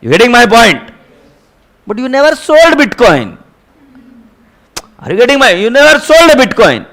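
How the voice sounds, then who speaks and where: Animated Indian man teaching accounting. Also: very high-pitched, normal speed. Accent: Indian English. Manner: animated, keeps checking students follow, mixes in Hindi. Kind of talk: classroom lecture.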